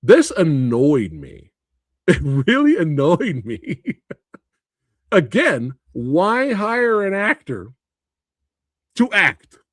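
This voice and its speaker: Male movie-review streamer, expressive and incredulous, loose and profane, dry close sound. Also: a little high, very slow, long pauses, dry recording. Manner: animated, incredulous ranting with frequent laughs and swearing; reads and answers viewer comments. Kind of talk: live stream Q&A and review chat.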